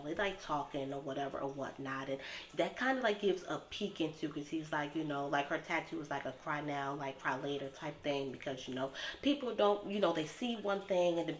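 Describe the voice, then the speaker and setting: A low-pitched woman gives a casual, rambling recap of a TV episode, her talk packed with filler words. The recording has a roomy echo, faint ambience and slight background noise.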